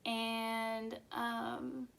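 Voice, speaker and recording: Young woman vlogging, slow and halting, kinda high voice, gets teary. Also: monotone, gravelly, fairly bright tone. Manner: emotional, halting, fighting tears at times. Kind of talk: personal birth story, casual.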